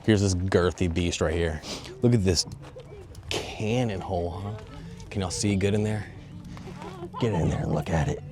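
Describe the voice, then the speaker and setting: A young man filming a casual walking travel vlog, talking straight to viewers in a joking, excitable way with plenty of swearing, out of breath as he goes. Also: low-pitched, moderate pace, long pauses, heavy background noise. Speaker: travel vlogger. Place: outdoors and in stone tunnels of a sea fortress. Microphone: phone on a selfie stick.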